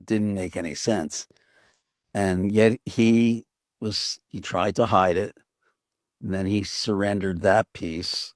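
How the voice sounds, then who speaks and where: A man's voice: sits low, a little mellow, no echo, clean studio sound. An older man, an author guest, telling a story in an earnest, reflective way, with frequent restarts. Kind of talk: reflective conversation.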